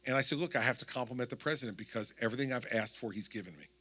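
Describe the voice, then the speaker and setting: A man in his sixties with a New Jersey accent tells a long story to a town hall crowd. His voice is bright and forward, with a plain middle pitch, and he acts out each quoted line as he goes. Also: racing, breathy edge. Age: 60s. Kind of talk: anecdotal campaign speech.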